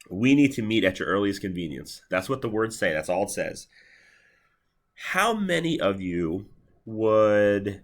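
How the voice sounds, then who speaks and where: Casual, rambling male lecturer. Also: fairly low pitch. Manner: casual, rambling, with many fillers and restarts. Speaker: university lecturer. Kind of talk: classroom lecture. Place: lecture hall.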